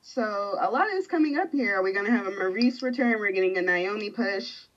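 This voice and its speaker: A woman's voice: mid-range voice, lively intonation. Chatty young-sounding woman, muffled audio. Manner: rapid storytelling with many "like"s. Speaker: podcast guest, fan. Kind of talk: casual chat.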